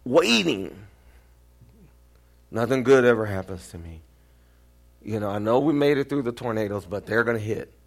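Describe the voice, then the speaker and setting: A man with a Texan accent preaches to his congregation in a lively, storytelling way. His pitch swings widely as he acts out the voices in his stories, and at times he nearly shouts. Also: normal speed, creaky, long pauses. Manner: animated, jumps into quoted voices, sometimes near-shouting. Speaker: pastor. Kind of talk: storytelling sermon.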